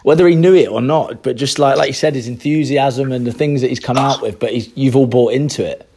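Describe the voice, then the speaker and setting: A man hosting a football podcast with a husky, slightly rough voice. He talks fast and chips in with quick, encouraging prompts. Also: mid-range voice, mellow. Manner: quick interjecting, encouraging the guest. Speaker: podcast host. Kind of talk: casual interview chat.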